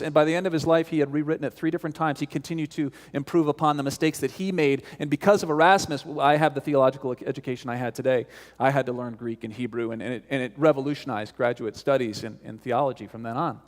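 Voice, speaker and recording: A man delivers a sermon from the pulpit, animated and conversational, stumbling over repeated words as he goes. His voice sits on the higher side for a man. A long reverb from the large sanctuary trails every phrase. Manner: animated storyteller, repeats words when restarting. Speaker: pastor.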